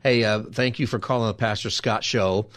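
Low-voiced pastor hosting call-in radio. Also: male voice, fairly even intonation, normal speed, fairly bright tone, no echo, clean studio sound. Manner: earnest, conversational, repeats phone number. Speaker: radio show host and pastor.

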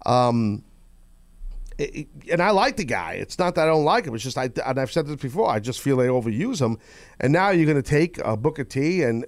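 A man hosting a podcast, talking bluntly and gruffly in rambling casual chat. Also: medium pitch, dry recording. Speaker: podcast host.

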